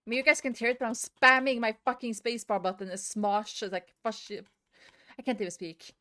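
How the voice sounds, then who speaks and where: Her voice sits a little high with a steady, sharp tone, and she talks fairly quickly. She's streaming a game from her room, ranting in exasperation, swearing and repeating herself, using a desk mic at her computer.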